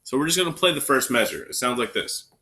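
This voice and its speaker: A man with a bright, forward voice teaches young students the recorder in a video lesson. He counts them in and calls out the note names patiently, one by one. His pitch sits in the middle range for a man. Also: animated, quick pace, a little hiss or hum. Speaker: music teacher.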